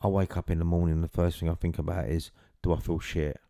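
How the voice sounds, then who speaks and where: A middle-aged man speaks in a very low, dark and mellow voice, recorded close and dry. He tells his own story candidly and earnestly, with casual swearing. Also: level tone, fast, vocal fry, dry recording. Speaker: father telling his story.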